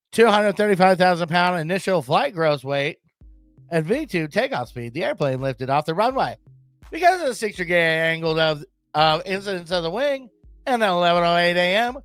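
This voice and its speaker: A man putting on an old-time 1920s announcer voice, reading aviation history in a dramatic, booming way. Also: fairly bright tone, no room sound. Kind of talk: mock vintage announcer reading.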